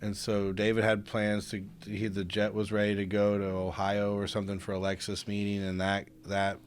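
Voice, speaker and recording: A man, a podcast guest, telling a personal story in a casual, animated and humorous way. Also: fairly low pitch, moderate pace, a little hiss or hum.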